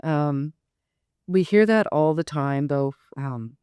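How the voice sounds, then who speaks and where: A woman's voice: low voice, takes it slowly, dark tone, clear, resonant tone, no room sound, studio quality. A woman from a children's charity, talking earnestly in an interview and telling a story. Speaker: charity foundation guest. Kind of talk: interview conversation.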